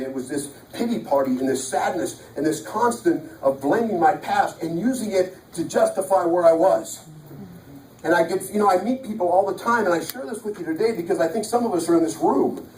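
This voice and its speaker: A man's voice: high-pitched, darkish tone, a little hiss or hum. A man giving an emphatic motivational speech to an audience, telling his life story and repeating key lines. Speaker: motivational speaker. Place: large event hall. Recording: echoey hall, mic from a distance.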